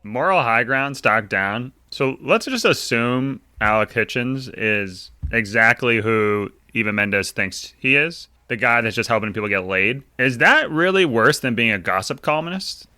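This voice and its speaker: A man with a very bright, sharp-edged voice co-hosting a loose movie podcast. He talks through his opinions casually, laughing and needling his friend. The sound is close and dry. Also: medium pitch, expressive, unhurried, hardly any pauses, no echo. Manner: laughing, playful ribbing. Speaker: podcast co-host. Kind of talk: casual movie review chat.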